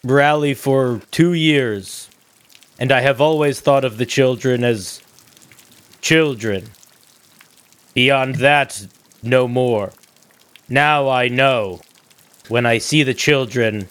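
Brief: man, in-character guard, very slow and formal, deadpan, dry close mic. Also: medium pitch, no room sound. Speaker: player voicing a guard. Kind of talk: in-character tabletop role-play.

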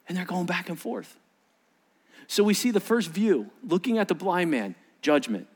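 A middle-aged male pastor preaching a sermon, animated, acting out voices from the story and often repeating himself. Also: high-pitched, moderate pace, slightly rough.

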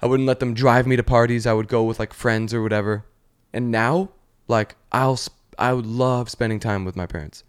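A man's voice: mid-range voice, steady tone, normal speed, smooth. Rambling young man on a podcast. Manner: rambling storyteller, full of 'like', acts out voices. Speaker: podcast host. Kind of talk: casual chat.

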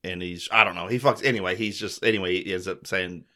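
Podcast co-host, man with a bright forceful voice, rambly and laughing. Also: sits low, steady tone, fast. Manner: rambling, laughing, swears often. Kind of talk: casual chat.

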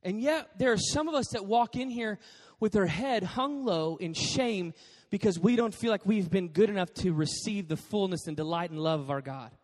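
Male pastor, high voice, lively jokey sermon storyteller, echoing church hall. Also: normal speed, hardly any pauses. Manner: animated, joking storyteller. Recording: long hall reverb.

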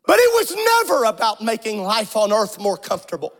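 A man preaching an impassioned sermon, swinging between sing-song shouting and hushed asides. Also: sits high, wildly swooping pitch, brisk. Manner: shouting, sing-song preaching cadence with sudden drops to near whispers.

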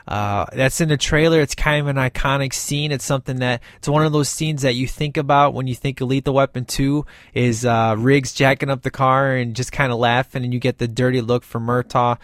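A man's voice: mid-range voice, fairly even intonation, moderate pace, dry recording, clean studio sound. A man talking casually and enthusiastically about a movie sequel, rambling with frequent restarts. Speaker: movie reviewer.

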